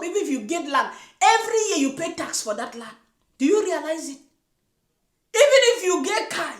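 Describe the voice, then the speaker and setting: A woman's voice: sits high, roomy sound. A woman giving a scolding, preachy reaction commentary. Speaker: commentary vlogger. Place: lives in Germany.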